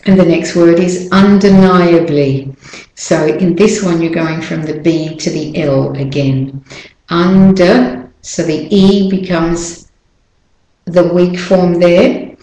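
A woman giving an audio pronunciation lesson, drawing out each model word slowly and carefully. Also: on the low side, darkish tone, roomy sound, poor audio. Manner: slow, careful, drawn-out model words. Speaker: pronunciation teacher.

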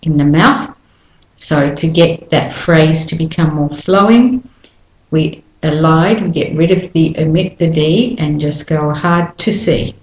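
A woman with a lowish voice teaches English pronunciation at an unhurried, careful pace. She says each phrase several times, stressing how the sounds link together. The room adds a noticeable echo. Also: a little mellow. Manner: repeats each phrase slowly, stressing linking. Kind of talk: slow, deliberate lesson with modeled phrases. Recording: roomy echo.

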